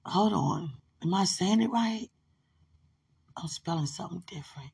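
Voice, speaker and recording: A woman's voice: lowish voice, normal speed, gravelly, darkish tone, breathy edge. A woman leading an emotional live prayer session, often tearful, sighing and laughing as she prays and calls her listener sweetheart. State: crying.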